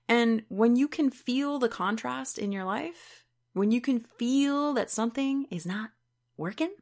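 Gravelly-voiced woman giving a motivational talk. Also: medium pitch. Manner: warm encouraging, casual with swearing. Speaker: motivational coach. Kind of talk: motivational self-help talk.

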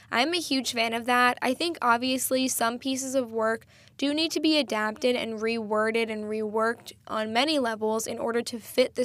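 A woman's voice: a little high, a bit bright, no echo. A young woman hosting a solo podcast, chatting enthusiastically and laughing at herself now and then. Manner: chatty, enthusiastic, self-deprecating, laughs often. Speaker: podcast host.

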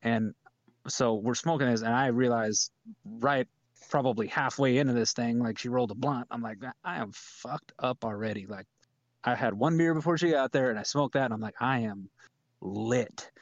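A man's voice: brisk, no room sound. Brief: easygoing male storyteller, loose and rambling, muffled dry recording. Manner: laid-back, rambling, drops to a low mutter for his own thoughts. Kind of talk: casual comedic storytelling.

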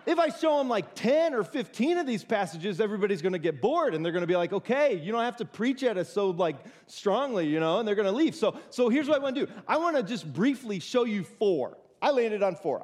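A man preaching a sermon as pastor, talking to the congregation in a conversational, animated way with direct asides. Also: high-pitched.

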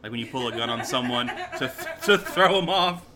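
A man's voice: mid-range voice, lively intonation, moderate pace, a crowd in the background. A man in casual chat, giggling often and rambling with lots of filler words. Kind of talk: casual chat trading movie quotes.

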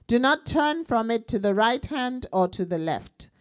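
A woman's voice: fairly high pitch, lively intonation, a little slow, no echo. A woman reading Bible verses aloud during a sermon. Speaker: scripture reader.

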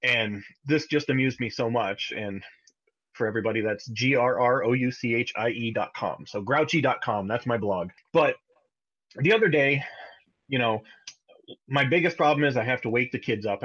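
A man in his thirties chats casually on a podcast, his story bouncing along in an animated way. His voice sits at an ordinary middle pitch. The sound is a little dull and lo-fi. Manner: animated, acts out his child's voice in high pitch. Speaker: podcast co-host.

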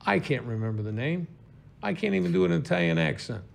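A man's voice: mid-range voice, sing-song, fast, creaky, a little hiss or hum. A man co-hosting a casual chat, joking and playful. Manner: joking, playful, laughs easily.

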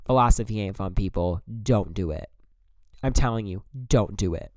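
A young man casually telling a story to his camera, blunt and profane with animated asides. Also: fairly low pitch, moderate pace, no echo. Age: young adult. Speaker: vlogger.

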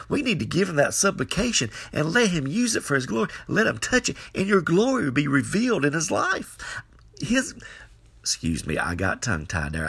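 Man, gravelly husky voice, lively pitch, folksy podcast sermon recorded on a phone. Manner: earnest, folksy, repeats phrases, exclaims hallelujah. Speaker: podcast preacher. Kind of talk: informal devotional sermon. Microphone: phone microphone.

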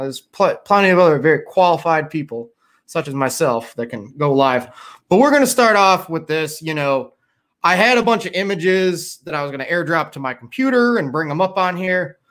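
A fairly high-voiced middle-aged man from Chicago, chatting on a livestream. He rambles loosely, sounds tired, and swears freely. He talks to his viewers in a loose, unscripted way. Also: a bit bright. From Chicago area. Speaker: livestream host. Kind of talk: casual livestream chat.

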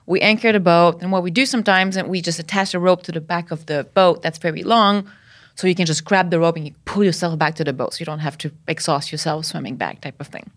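A woman from Canada, a podcast guest, telling a story in a lively way, laughing often and acting out what people said. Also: fairly low pitch, fast. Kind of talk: casual storytelling.

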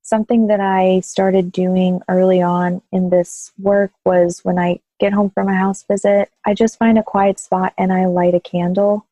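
A woman postpartum doula speaking thoughtfully and gently in an interview, with soft laughs. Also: medium pitch, level tone, a little slow, hardly any pauses, no room sound, poor audio. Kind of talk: interview conversation.

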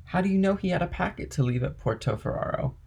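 A man voicing a kindly, eager older male ship owner in an audiobook reading, with a gravelly tone. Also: high-pitched, expressive, fast, darkish tone, pitched above the performer's own voice, exaggerated voice.

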